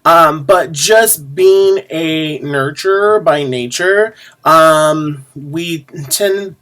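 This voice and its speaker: Guy doing a drag vlog, kinda high voice, lots of ums, sassy and chatty. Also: very slow, a bit bright. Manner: rambling, lots of ums and restarts. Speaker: drag performer vlogger. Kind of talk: casual chat to camera.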